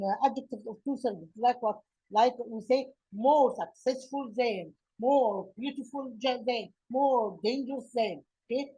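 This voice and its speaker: A woman teacher with an Egyptian accent, explaining English grammar from slides, pausing often with fillers and restarts. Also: a little high, darkish tone, husky, low-quality recording. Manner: halting, many fillers and restarts. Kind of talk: slide-based grammar lesson.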